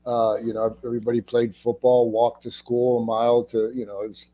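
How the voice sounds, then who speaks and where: A man in his sixties, from Ohio, chatting as an interview guest and telling lively stories in which he acts out other people's lines. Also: mid-range voice, a little fast. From Ohio, United States. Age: 60s. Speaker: actor, guest. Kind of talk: casual interview storytelling.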